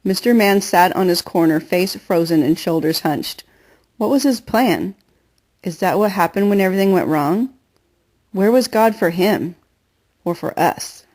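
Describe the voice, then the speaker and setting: Brief: woman audiobook narrator, steady and earnest, mid-pitched. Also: a little slow. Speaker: audiobook reader. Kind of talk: first-person novel narration.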